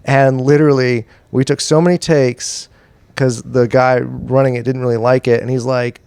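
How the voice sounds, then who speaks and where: A man's voice: mid-range voice, level tone, moderate pace, creaky, darkish tone, smooth, no room sound. A man guesting on a podcast, chatting in a self-deprecating way and laughing as he talks. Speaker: podcast guest, stand-up comic. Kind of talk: casual chat.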